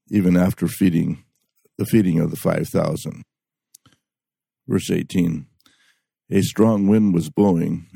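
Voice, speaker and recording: A man's voice: low voice, creaky, mellow, breathy edge, no echo. A man giving a Bible study talk, reading scripture aloud with frequent restarts and fillers. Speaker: Bible teacher.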